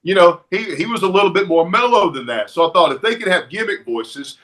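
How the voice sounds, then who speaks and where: A man from Alabama with a Southern accent, a podcast guest telling animated anecdotes in casual chat. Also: high voice, quick pace. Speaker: podcast guest, former wrestler.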